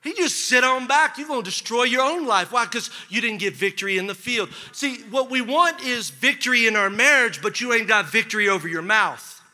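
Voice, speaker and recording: A male pastor preaching a sermon, telling a story with lively acted-out dialogue. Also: very high voice, fairly quick, hardly any pauses. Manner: animated storytelling, acts out dialogue. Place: church sanctuary. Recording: long hall reverb.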